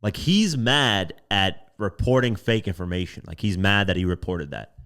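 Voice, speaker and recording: A man with a very deep voice hosts a casual commentary podcast. He talks in an exasperated, animated way and swears casually as he reacts. The delivery is loose and conversational. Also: normal speed. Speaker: podcast host.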